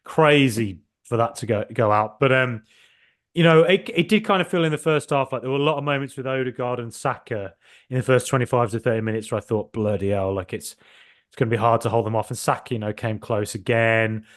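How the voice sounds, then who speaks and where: A man hosting a casual football podcast, animated and joking, with mild swearing and frequent restarts. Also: medium pitch, brisk. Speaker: podcast host.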